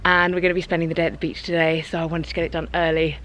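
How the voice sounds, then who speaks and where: A woman's voice: sits low, little pitch movement, rapid-fire, a bit bright, low-quality recording. A young woman talking to her camera in a casual vlog, chatty and rambling in an upbeat way. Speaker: lifestyle vlogger.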